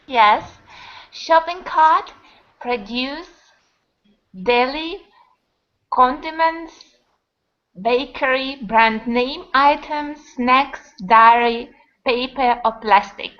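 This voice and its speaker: A woman's voice: high-pitched, very slow, long pauses. A female student carefully reading and repeating English vocabulary words aloud. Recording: dull distant call audio.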